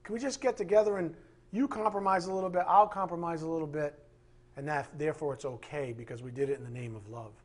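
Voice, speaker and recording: A man's voice: fairly high pitch, fast. A man pastor preaching a sermon with emphatic, impassioned delivery, acting out quoted voices along the way.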